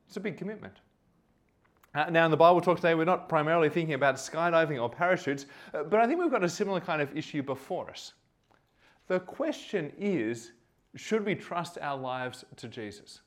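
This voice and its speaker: A man delivering a sermon in an easy, chatty manner, talking directly to his listeners. His voice sits a little high for a man. He moves between prayer, anecdote and teaching without turning formal. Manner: conversational storytelling, addresses listeners directly. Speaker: preacher.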